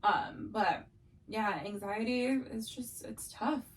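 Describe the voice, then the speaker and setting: A young woman co-hosting a podcast in casual chat, speaking haltingly with constant "like" fillers. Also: on the high side, recorded from a distance. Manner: halting, heavy use of "like". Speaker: podcast co-host. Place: bedroom.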